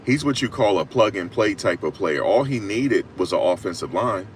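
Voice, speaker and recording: A man giving casual, emphatic sports talk on a live stream, repeating his points and rising to loud peaks. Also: lowish voice, lively intonation, moderate pace, hardly any pauses, a little hiss or hum. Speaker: sports commentator.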